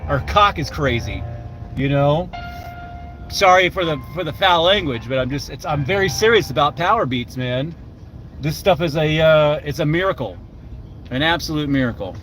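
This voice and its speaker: Older male streamer with a high voice, chatting loosely and crudely from his car, music faint underneath. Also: expressive, moderate pace, fairly bright tone, rough recording. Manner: rambling, profane, chats with viewers by name. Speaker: live streamer. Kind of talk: casual live-stream chat.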